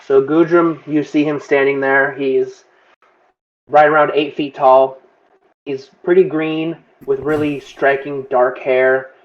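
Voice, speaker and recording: Man playing a tabletop game, rambling and chatty, slightly higher voice, dull lo-fi sound. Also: little pitch movement, slow. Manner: rambling, laughing. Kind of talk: casual character introduction.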